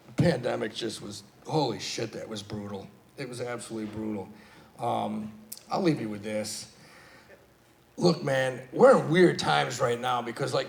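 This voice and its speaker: A man doing a stand-up set, telling stories with swearing and sudden loud bursts. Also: a little high, gravelly. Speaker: stand-up comedian. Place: live comedy stage.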